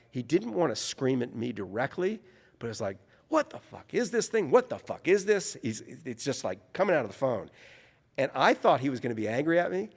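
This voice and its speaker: A male author from New Orleans spins anecdotes as an interview guest. His voice ranges widely in pitch as he works himself into each story, and he keeps doubling back on his own phrasing. A long reverb hangs on the room. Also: creaky. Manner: animated, self-correcting storyteller.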